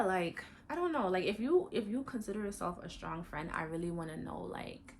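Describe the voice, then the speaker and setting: A young adult woman vlogging in a casual, candid chat while getting ready, talking in animated, slangy bursts that jump high for emphasis. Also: fairly quick, hardly any pauses, slight background noise.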